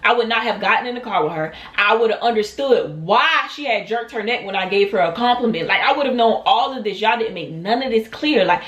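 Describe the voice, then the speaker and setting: A woman's voice: fairly high pitch, animated, fairly quick, hardly any pauses, a bit bright, dull audio. A young woman, telling a dramatic storytime straight to her viewers and acting out what people said. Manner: dramatic, talks straight to viewers, acts out quotes. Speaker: storytime vlogger. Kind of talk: animated storytime vlog. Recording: roomy echo.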